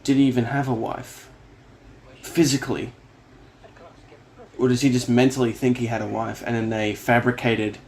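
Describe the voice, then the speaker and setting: A man's voice: medium pitch, flat delivery, normal speed, vocal fry, long pauses, darkish tone. A man hosting a casual film reaction, exclaiming and swearing freely as he comments, with the film's music playing behind him. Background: film soundtrack playing.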